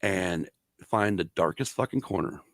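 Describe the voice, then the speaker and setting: Brief: middle-aged male podcast host, gravelly, lively swearing storyteller, dry close sound. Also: deep voice, unhurried, dry recording. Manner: profane, animated storyteller. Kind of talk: casual storytelling chat.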